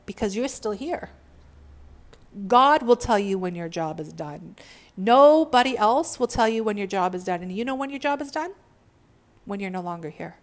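A woman's voice: medium pitch, expressive, normal speed. Emphatic, preachy spiritual coach woman. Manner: emphatic, preachy, profane, slangy. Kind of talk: casual motivational monologue.

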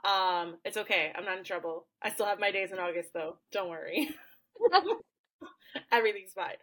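A woman's voice: mid-range voice, animated, normal speed, a bit bright, rough recording. A woman co-hosting a podcast, chatting casually and laughing often as she talks. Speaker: podcast co-host.

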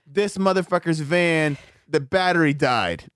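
40 yr old guy cussing thru a story, kinda high voice, dry close sound. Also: a little slow, clean tone, no echo. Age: 40s. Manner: profane, animated storytelling with acted-out quotes. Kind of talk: casual storytelling chat.

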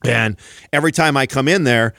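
A man co-hosting a podcast, telling a story in a casual chat, animated and swearing freely. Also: medium pitch, fairly quick, creaky, no room sound, studio quality. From San Jose area, California. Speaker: podcast co-host.

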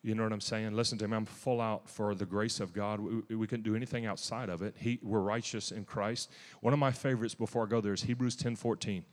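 A man with a fairly low voice delivers a sermon in a church. He talks with zealous emphasis, restarts his sentences and breaks into sudden louder bursts. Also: steady tone, a little fast, few pauses, in a large hall. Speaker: preacher. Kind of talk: sermon testimony.

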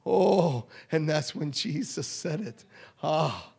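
A man preaching a revival sermon, swinging from hushed, quiet lines to shouted whoops. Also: a little high, expressive, slow pace, creaky, husky.

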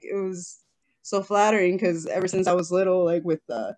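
A woman in her thirties speaks fairly quickly in a lowish, darkish voice. As a guest jewelry business owner on a video-call interview, she talks casually and emotionally and often quotes herself.

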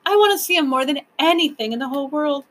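A woman voicing a tearful young girl who pleads in a high, wailing voice during a storybook reading. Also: lively intonation, fast talker. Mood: imploring.

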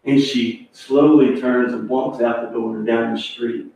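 A man preaching a sermon, an animated, impassioned storyteller. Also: medium pitch, a little slow. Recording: echoey hall, mic far off.

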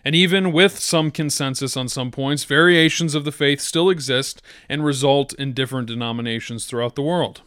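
A man hosts a solo podcast, reading a passage aloud and then building a careful argument against it. His voice sits in an ordinary middle pitch. The recording is dry and close, with no room around it. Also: fairly bright tone, clear, resonant tone, dry recording. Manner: measured, argumentative, with restarts. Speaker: podcast host. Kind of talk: reading and discussing an essay.

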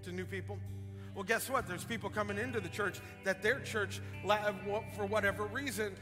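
A man preaching a sermon as pastor, animated, swinging up to loud emphatic peaks. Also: high voice, moderate pace. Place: church sanctuary. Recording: long hall reverb with faint music.

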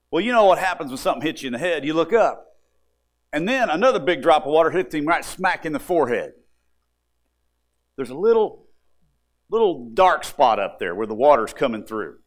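A man's voice: on the high side, a bit bright. A preacher telling a homespun story from the pulpit in a folksy way, often restarting and repeating words as he goes. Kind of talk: storytelling sermon.

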